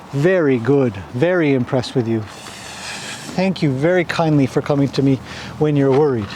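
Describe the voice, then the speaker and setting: A man working a horse outdoors, explaining his steps in a gentle, chatty way and soothing the animal. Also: medium pitch, noisy background. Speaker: horse trainer. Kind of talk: instructional commentary while training. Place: outdoors in a horse pen near a road.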